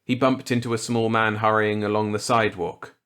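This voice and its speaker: A man narrating a grim short story in a measured, deliberate way. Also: fairly low pitch, level tone, fairly bright tone, clear, resonant tone. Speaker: audiobook narrator. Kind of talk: scripted narration.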